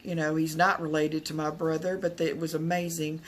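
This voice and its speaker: A woman's voice: low voice, flat delivery, moderate pace, slight background noise. A woman from Texas, telling a personal story to camera in a rambling way, full of fillers and restarts. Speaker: vlogger.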